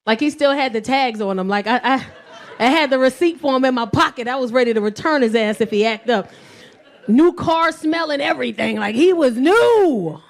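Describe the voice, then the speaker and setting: Her voice is high and fairly quick as she performs stand-up, a woman in her thirties acting out quoted voices in crude, lively stories. The distant mic gives a roomy sound. Laughter from the live audience at the comedy club rises around her.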